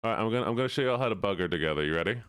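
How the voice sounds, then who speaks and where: A man's voice: on the low side, lively intonation, racing, fairly bright tone, clear, resonant tone, dry recording. A man streaming live, chatting casually with his audience in a playful, teasing way full of mock outrage.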